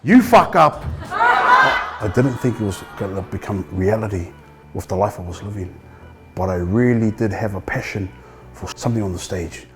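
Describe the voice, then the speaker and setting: A middle-aged New Zealand man with a lowish voice talks fairly quickly over background music. He's a stand-up comedian who also manages men's housing, and in this interview he tells his story in a relaxed, rambling way, swearing freely.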